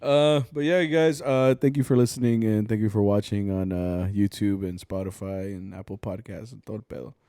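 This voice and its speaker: Young male co-host, low voice, laid-back and congested, dry close mic. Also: steady tone, brisk, few pauses, warm tone, clear, resonant tone, no room sound. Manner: laid-back, swears and mixes Spanish phrases, laughs often. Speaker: podcast co-host. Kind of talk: casual chat.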